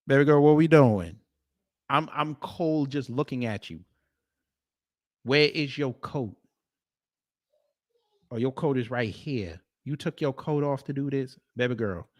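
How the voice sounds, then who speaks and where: A man's voice: medium pitch, a little slow, long pauses, no echo, studio quality. A man hosting a livestream, giving casual reaction commentary and repeating short phrases. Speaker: livestream host.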